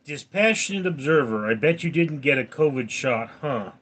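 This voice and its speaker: Here a Californian livestream host in his forties reads out viewer comments and answers them dryly in a casual session. His voice is a little high and slightly bright, with lively intonation at a moderate pace.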